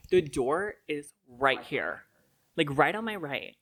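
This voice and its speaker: A woman's voice: low voice, sing-song, slow pace, fairly bright tone, rough recording. A young woman co-hosting a podcast, retelling a story in casual chat with dramatic, rambling flair. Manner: dramatic, rambling, says "literally" and "like" often. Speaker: podcast co-host.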